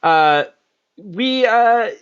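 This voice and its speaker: A man's voice: high voice, lively intonation, drawn-out words, a bit bright, clear, resonant tone, muffled recording. A man hosting a comedy word game podcast, joking loosely, laughing and swearing. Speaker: host.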